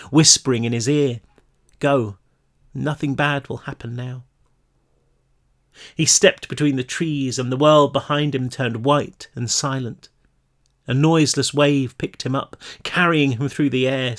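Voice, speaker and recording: A man, the author, reading his own novel aloud in a home-recorded read-through, emotional and rising in pitch at tense moments. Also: a bit bright. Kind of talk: audiobook-style reading.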